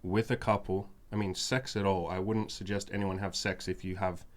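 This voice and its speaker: A man's voice: low voice, flat delivery, brisk. A man hosting a podcast, telling a story in casual chat, frank and emphatic, repeating phrases for effect. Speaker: podcast host.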